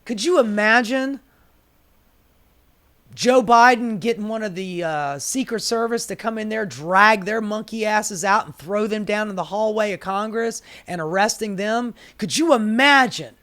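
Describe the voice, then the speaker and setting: A political commentator who rants in an unhurried drawl, sarcastic and heavy on profanity. The voice sits in a middling register, and the commentator keeps firing off exasperated rhetorical questions. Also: medium pitch, sharp tone.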